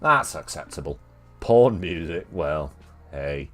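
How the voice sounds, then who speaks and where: A man with a Mancunian accent hosting a casual live-stream chat, jokey and quick to laugh. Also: medium pitch, sing-song. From Manchester, England. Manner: jokey, chatty, laughs easily. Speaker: streamer host. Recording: faint music underneath.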